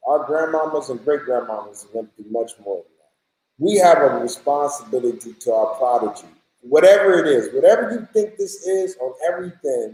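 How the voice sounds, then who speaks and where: A man's voice: medium pitch, dark tone, roomy sound, rough recording. A man speaking as a panelist on a video call, joking at first and then emphatic and passionate.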